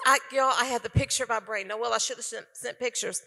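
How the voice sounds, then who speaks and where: A middle-aged woman tells her testimony to a conference crowd with a crisp, forceful tone and a gravelly edge. She is an animated storyteller who keeps turning to talk to the audience. Her stage mic carries a long echo through the hall. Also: a little high, fast talker. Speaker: conference speaker giving testimony. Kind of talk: personal testimony to a live audience.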